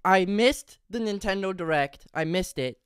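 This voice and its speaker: A young man reacting live on a stream, excitable and rambling, out of breath with enthusiasm and breaking into loud bursts. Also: sits high, a little slow, clear, resonant tone, dry recording, clean studio sound.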